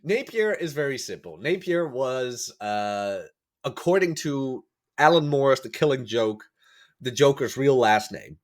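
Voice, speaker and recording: Telling stories in a casual podcast chat, this guest is still recovering from a cold. He speaks in an animated, mid-range voice at a measured pace, rambling and correcting himself as he goes and impersonating the people he quotes.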